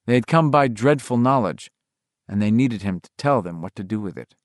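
A man's voice: fairly low pitch, animated, moderate pace, dry recording. Man narrating a novel, dry sound. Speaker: audiobook narrator.

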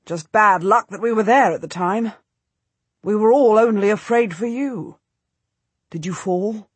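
A woman voicing an earnest, devoted young male knight in an audiobook, with a hushed, respectful urgency. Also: medium pitch, a little slow, breathy edge, no echo. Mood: reassuring.

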